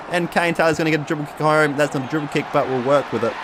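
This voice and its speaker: A man's voice: a little high, racing, few pauses, a bit bright, slight background noise. A man streaming live, giving chatty play-by-play commentary on a football video game and reading out viewer comments.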